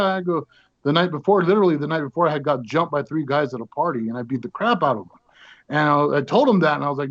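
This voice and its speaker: A man guest on an interview show, telling an anecdote lively and acting out what people said. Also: a little high, fairly quick, lo-fi sound. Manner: animated anecdote with acted-out quotes. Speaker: guest actor. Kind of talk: storytelling interview.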